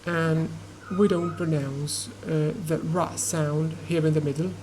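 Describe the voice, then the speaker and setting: A man teaching an English pronunciation lesson, hesitating often with fillers and restarts and repeating words slowly to model their sound. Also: fairly high pitch, flat delivery, a little mellow, a little hiss or hum, rough recording.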